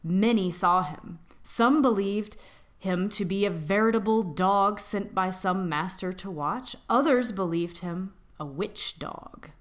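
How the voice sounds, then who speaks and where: A woman co-hosting a podcast, chatting casually and giggling, who reads an old legend in a hushed, creepy storytelling voice. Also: medium pitch, slow pace. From Appalachia. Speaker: podcast co-host. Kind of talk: casual chat and spooky storytelling.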